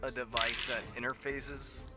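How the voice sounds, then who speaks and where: A man's voice: medium pitch, level tone, unhurried, over loud music. Man running a tabletop game. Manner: loose, descriptive narration with fillers. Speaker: game master.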